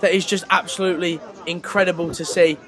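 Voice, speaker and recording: A man commentating on a university football game, excited and repeating himself. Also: high-pitched, quick pace, a crowd in the background. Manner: excited, repetitive. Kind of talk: sports commentary.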